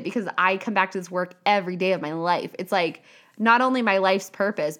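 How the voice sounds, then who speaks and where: A half-Italian woman, an author and coach, speaks in a casual monologue with a mid-range voice. She's animated and profane, often slipping into playful quoted voices.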